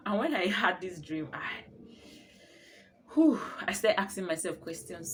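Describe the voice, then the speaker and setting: A young woman telling her birth story in a casual vlog, expressive and often laughing as she talks. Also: medium pitch, a little slow, a little hiss or hum.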